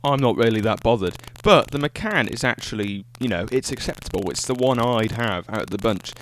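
Guy doing a solo podcast, excited and chatty, fixes his own words a lot, light hiss behind. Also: medium pitch, fairly quick. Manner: enthusiastic, rambling, self-correcting. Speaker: podcast host. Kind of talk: solo casual podcast monologue.

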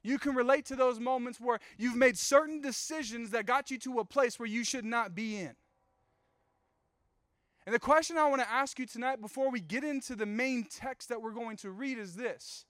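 A young man preaching to a youth group, telling a personal story in a chatty, animated way with asides to the room. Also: very high voice, normal speed, dry recording, clean studio sound. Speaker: youth pastor. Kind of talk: storytelling sermon.

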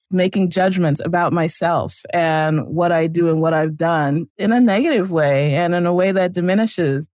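A woman guest author talking in a relaxed interview, telling stories with easy laughs and reflective advice. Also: fairly low pitch, dry recording, clean studio sound. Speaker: children's book author, guest. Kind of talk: casual interview conversation.

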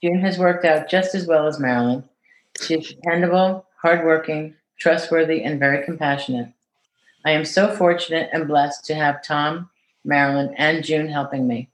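A woman's voice: low voice, fairly even intonation, slight background noise. Earnest woman caregiver in echoey room. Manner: earnest, measured reading. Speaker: caregiver reading a letter. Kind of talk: reading aloud and interview answers.

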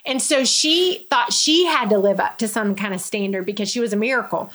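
A middle-aged woman telling her personal story in conversation. She speaks candidly and earnestly, and she quotes other people in lively voices. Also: mid-range voice, a little fast. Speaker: guest sharing her testimony.

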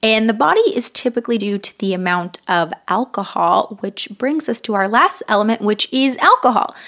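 A woman's voice: medium pitch, animated, moderate pace, fairly bright tone. A young woman co-hosting a podcast in a playful, casual chatty way. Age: young adult. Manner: chatty, playful, thinking aloud. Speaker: podcast co-host. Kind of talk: casual chat.

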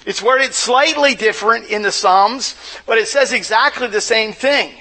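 A man's voice: high-pitched, normal speed, sharp tone, rough recording. A pastor preaching a sermon in church, asking the congregation questions and often repeating words as he restarts. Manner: asks rhetorical questions to the audience.

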